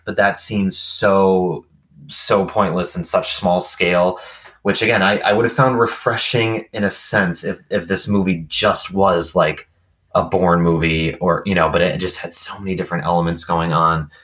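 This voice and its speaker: A man's voice: sits low, fairly even intonation, moderate pace, a bit bright. A man casually reviewing a film in a podcast chat, rambling with fillers and chuckles.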